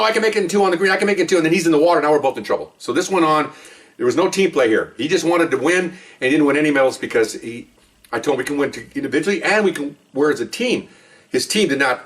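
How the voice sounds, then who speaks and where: Animated, fast-talking man telling stories. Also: medium pitch, distant mic. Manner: animated, acts out both sides of phone calls, laughs often. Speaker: podcast co-host, retired cop. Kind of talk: casual storytelling.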